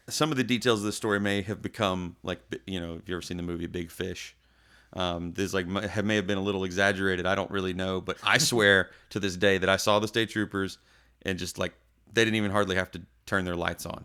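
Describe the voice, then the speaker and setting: A man, a podcast guest, telling a tour story in a casual, animated way and acting out the voices in it. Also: sits low, fast talker, creaky, clean tone. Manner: animated, acts out voices in his tale.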